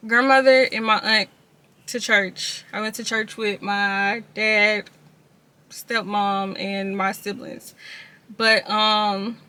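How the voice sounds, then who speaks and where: A woman vlogger with a high, pushed, bright voice speaks candidly and casually about her own life in a personal confessional video. She tells her stories while addressing her viewers directly.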